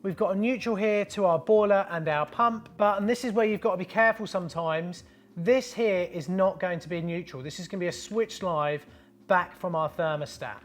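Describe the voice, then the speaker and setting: A man with a high-pitched, brisk voice hosts a casual plumbing how-to. He shows his work as he goes, chatting in an upbeat, matey way.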